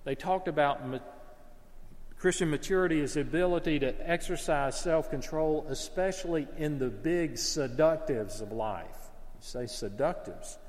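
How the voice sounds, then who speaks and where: A man's voice: fairly high pitch, normal speed, darkish tone, long reverb tail. A man preaching a sermon in an earnest, conversational way, sometimes stopping to correct himself. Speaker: pastor.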